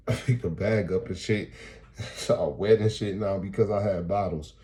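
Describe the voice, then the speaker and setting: A man doing freestyle stand-up comedy, telling stories in a profane, animated, slangy way. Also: low voice, a little slow.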